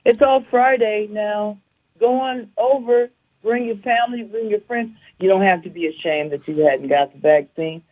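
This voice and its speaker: A woman hosting a community talk show, speaking in a steady, encouraging way and inviting listeners to come in. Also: medium pitch, normal speed. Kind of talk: public service announcement chat. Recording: tinny phone-line sound.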